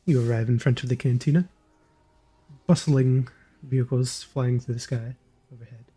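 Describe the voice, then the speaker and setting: A man narrating as game master in a tabletop role-playing game, in a relaxed, casual way. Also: medium pitch, moderate pace, husky.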